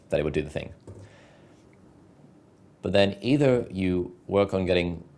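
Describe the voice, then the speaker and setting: A man speaking as a podcast guest, reflective and measured in his answers. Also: low-pitched, darkish tone. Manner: thoughtful, measured, many "like" fillers. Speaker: guest, content creator. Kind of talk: reflective interview talk.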